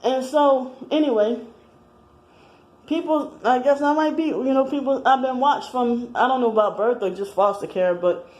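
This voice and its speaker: A woman's voice: sits high, moderate pace, darkish tone, lo-fi sound. A woman in her thirties talking in a rambling personal monologue, slightly out of breath, with many restarts and fillers. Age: 30s. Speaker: vlogger.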